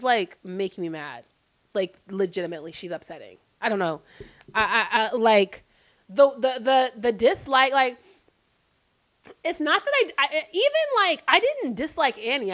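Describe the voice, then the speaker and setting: A woman's voice: on the high side, a bit bright. A woman hosting a casual recap vlog, chatty and blunt, swearing freely and filling her talk with "like". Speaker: host recapping reality TV.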